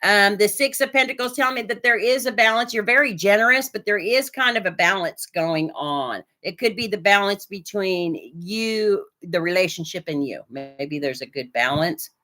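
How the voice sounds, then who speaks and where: A woman's voice: mid-range voice, normal speed, few pauses, sharp tone. A woman from Oregon chatting on a live stream while she gives a tarot reading, with lots of fillers and hesitations. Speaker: tarot reader.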